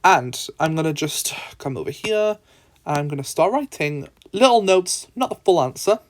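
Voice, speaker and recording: A man's voice: a little high, animated, moderate pace. Man tutoring casually with many ums. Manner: thinks aloud with frequent ums. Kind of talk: casual screen-recorded lesson.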